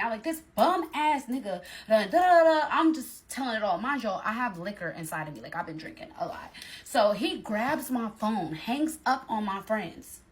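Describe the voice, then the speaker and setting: A young woman with a somewhat high voice tells a personal story straight to her viewers. She is casual and slangy, and keeps breaking into animated acted-out quotes. The delivery feels like a relaxed storytime chat. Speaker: storytime vlogger.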